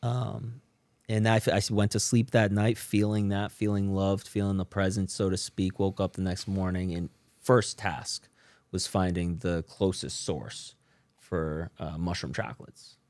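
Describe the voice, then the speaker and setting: A man speaks in a low, relaxed voice as a podcast guest and tells his own story. His talk is slangy and loose, with plenty of fillers and restarts. The sound is dry and close, with no room around it. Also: unhurried, no room sound. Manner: laid-back and slangy, with many fillers and restarts. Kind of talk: casual storytelling about his recovery.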